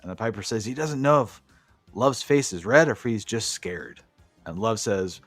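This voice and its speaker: Profane, lively male podcast recapper. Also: on the low side, moderate pace, slightly rough, no echo, soft background music. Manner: profane, enthusiastic play-by-play recapping. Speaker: podcast co-host. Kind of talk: casual recap chat.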